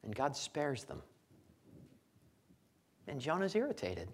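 A male preacher delivering a sermon with a mid-pitched voice that swings widely and expressively. He talks in a folksy, conversational manner, chuckles along the way, then climbs into loud, forceful declarations. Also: wildly swooping pitch, slow pace, creaky, slightly rough.

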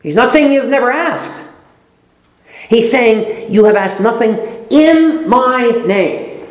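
A male preacher whose pitch swings widely as he works through scripture, climbing high on the words he stresses. His voice rings in a noticeably echoey room. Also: expressive, measured pace. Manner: reads scripture aloud, then rises in pitch on repeated emphatic words. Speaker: pastor. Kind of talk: sermon.

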